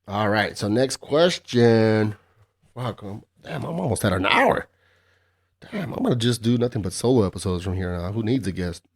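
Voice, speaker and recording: A man's voice: on the low side, expressive, moderate pace, gravelly. A man hosting his own podcast solo, chatting casually in a profane, rambling, sarcastic way. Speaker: podcast host.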